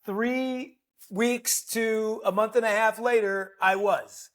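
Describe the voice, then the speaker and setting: A middle-aged man, an actor guest, telling a lively, playful anecdote on a podcast. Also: sits high, takes it slowly. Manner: lively storyteller, playful, self-deprecating.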